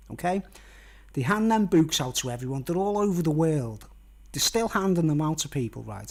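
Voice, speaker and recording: A middle-aged man with a slightly higher than usual voice, rambling to camera as a vlogger. He wanders from point to point, restarts his phrases and keeps checking in with the viewer. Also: a little mellow. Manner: meandering, repeats "you know what I mean", restarts phrases.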